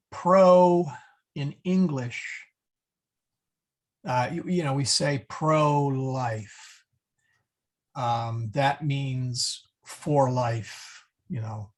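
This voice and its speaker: Slow, husky male Latin teacher. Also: medium pitch. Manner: halting, lots of ums, chuckles at own slips. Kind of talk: online class instruction.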